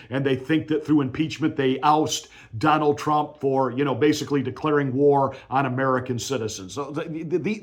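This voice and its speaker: A male pastor giving political commentary in a combative, emphatic, mocking way. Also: medium pitch.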